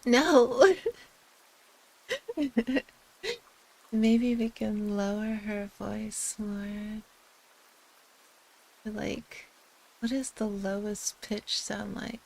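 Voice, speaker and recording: A woman's voice: medium pitch, fairly even intonation, very slow, vocal fry, long pauses, darkish tone. A woman streaming, chatting casually and laughing often. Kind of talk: casual chat.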